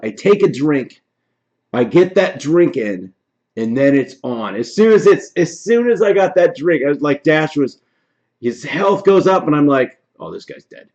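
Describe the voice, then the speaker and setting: Animated, profane, sleepless male streamer. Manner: animated and profane, swings from low mutters to shouting. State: tired from no sleep. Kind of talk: casual storytelling to viewers.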